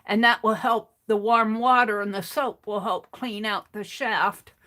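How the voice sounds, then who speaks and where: A woman's voice: medium pitch, steady tone, unhurried, sharp tone. A woman hosting a craft livestream, explaining how to clean a paint bottle in a rambling way, restarting her sentences as she works with her hands.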